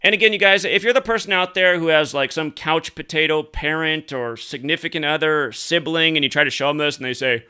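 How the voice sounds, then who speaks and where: A man's voice: fairly high pitch, a little fast, hardly any pauses, sharp tone, smooth. A man hosting a solo commentary show, ranting angrily and swearing often. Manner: angry, profane, emphatic ranting. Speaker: conspiracy commentary host.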